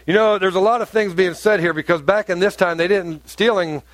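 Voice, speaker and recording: A man preaching a sermon as pastor, animated and rising to emphatic peaks. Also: high-pitched, brisk, dry recording.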